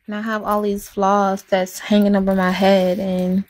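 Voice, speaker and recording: A woman's voice: medium pitch, flat delivery, normal speed, a little mellow, a little hiss or hum. Woman rambling in casual livestream talk. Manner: rambling, self-deprecating, repetitive.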